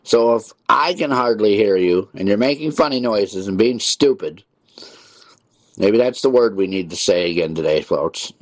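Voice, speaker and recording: A man's voice: fairly low pitch, expressive, moderate pace, no echo. A male call-in radio host scolding prank callers in an irritated, repetitive way. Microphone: studio mic with headphones.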